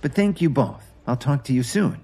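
A man voicing a polite young wife who speaks gently and in a hurry. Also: mid-range voice, animated, soft background music, voice pushed up, close to an everyday voice. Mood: polite, gentle. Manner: gentle, hurried, placating. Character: young wife, polite and busy office worker.

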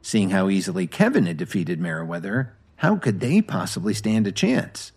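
A man reads a dramatic story aloud in a low voice. His intonation swings widely. The delivery is scripted and expressive. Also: normal speed, husky. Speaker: narrator.

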